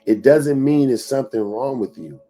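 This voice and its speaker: A man's voice: expressive, moderate pace, dark tone, soft background music. A middle-aged man giving an emphatic motivational talk, repeating phrases for emphasis and sometimes dropping to a whisper. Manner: emphatic preaching with repetitions; drops to a low whisper acting out inner doubts. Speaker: motivational speaker.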